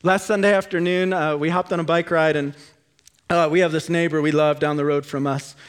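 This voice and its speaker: A man in his thirties delivers a sermon in a church, his voice sitting notably high. He preaches with impassioned energy that climbs to fervent peaks. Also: fairly even intonation, brisk, smooth. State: out of breath. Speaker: pastor. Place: church sanctuary.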